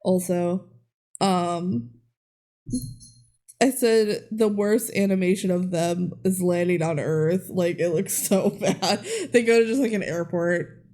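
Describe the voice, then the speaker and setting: A woman's voice: on the low side, takes it slowly. Woman, podcast co-host, casual movie recap, frequent laughter, casual swearing. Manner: laughs often, swears casually, animated retelling.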